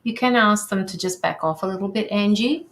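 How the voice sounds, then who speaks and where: A woman's voice: medium pitch, brisk. A woman hosting a live tarot reading, reading viewer comments aloud and reassuring the sitter, with frequent ums and restarts. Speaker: tarot reader hosting a livestream.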